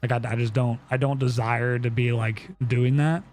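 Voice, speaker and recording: A man's voice: medium pitch, level tone, moderate pace, a little mellow. Rambling young man streaming. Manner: rambling, filler-heavy, profane storytelling. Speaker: live streamer. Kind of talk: casual live-stream chat.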